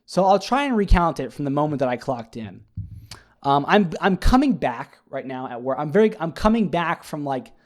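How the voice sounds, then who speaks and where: A man's voice: fairly high pitch, normal speed. Rambling man recapping a show. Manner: rambling, animated, many fillers and restarts. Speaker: podcast host. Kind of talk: casual solo recap chat.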